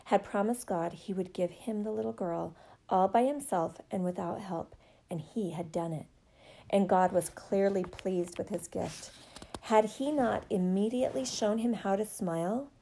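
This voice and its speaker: A woman narrator reading a novel aloud in a steady, measured storytelling manner. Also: mid-range voice, gravelly.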